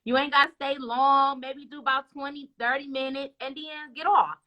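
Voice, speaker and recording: A woman hosting a casual live-stream chat from home, animated and encouraging, slipping into quoted asides. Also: sits high, moderate pace, dull audio. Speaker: live show host.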